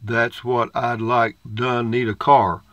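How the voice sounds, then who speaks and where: A man's voice: medium pitch, level tone, takes it slowly, a bit bright, no room sound. Folksy man reading comments. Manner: folksy, rambling, dry humor. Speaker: vlogger reading viewer comments. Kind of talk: casual comment-reading chat.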